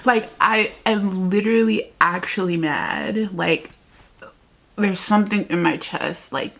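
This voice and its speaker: A woman's voice: mid-range voice, steady tone, takes it slowly, gravelly. A woman book vlogger chatting casually about a book she just finished, emotional and rambling, often laughing in exasperation. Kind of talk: casual reading vlog chat.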